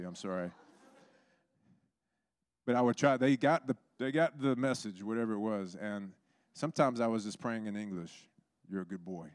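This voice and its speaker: Animated man preaching a sermon. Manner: animated, acts out others with big pitch jumps. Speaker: pastor. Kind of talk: sermon storytelling.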